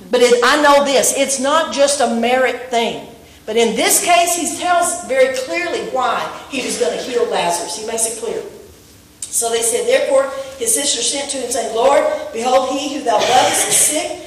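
A woman preaching a sermon in church, telling a story and rising to shouts on key points. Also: on the high side, animated, moderate pace, slight background noise. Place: church sanctuary. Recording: echoey room from far off.

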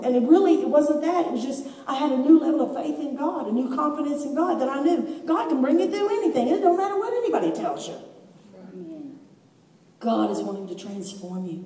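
A woman's voice: on the high side, dark tone. Fervent woman preaching in an echoing hall. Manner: fervent, rising to emphatic preaching. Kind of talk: sermon. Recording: distant voice in a large echoing hall.

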